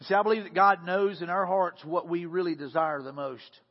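A man's voice: sits high, steady tone, moderate pace. Man preaching conversationally in a reverberant space. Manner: conversational, repeats words, swings from loud to hushed. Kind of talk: sermon. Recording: dull sound with long reverb.

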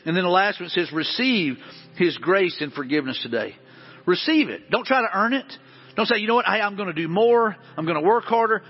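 A man's voice: sits high, animated, brisk, long reverb tail, dull audio, faint music behind. A man preaching a sermon as pastor in a church, earnest and repetitive as he pleads with the congregation. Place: church sanctuary.

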